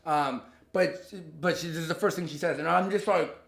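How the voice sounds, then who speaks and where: Young man, heated storytime rant, heavy swearing, high voice, echoey room. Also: normal speed, vocal fry. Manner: heated, profane, animated retelling with quoted dialogue. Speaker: vlogger telling a story. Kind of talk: ranting storytime.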